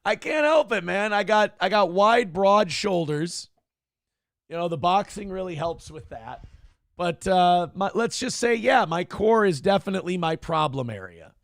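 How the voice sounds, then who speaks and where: A man's voice: high voice, animated, a little slow, creaky, no room sound, studio quality. A man hosting a morning show, riffing on the news in an irreverent, profane way. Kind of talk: comedic news talk.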